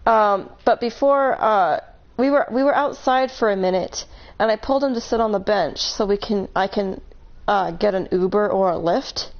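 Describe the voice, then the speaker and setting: A woman's voice: mid-range voice, normal speed, highs cut off. A woman casually telling a long story on a live stream, rambling, correcting herself and laughing between points.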